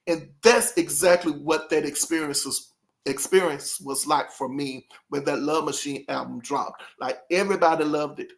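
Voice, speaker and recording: A host giving casual, animated opinions in a vlog, rambling with many fillers and a lilt. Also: mid-range voice, moderate pace. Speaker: music commentary host.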